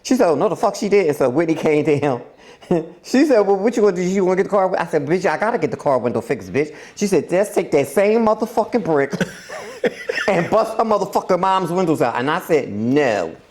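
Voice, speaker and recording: Woman, podcast host, casual storytelling, profane, lively swooping pitch, acts out quotes. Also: brisk.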